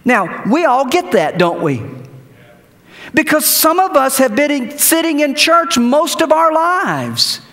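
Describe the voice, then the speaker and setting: A male pastor preaching a sermon in a church, animated, with repeated words and rhetorical questions. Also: extremely high pitch, slow pace, big-room sound. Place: church sanctuary.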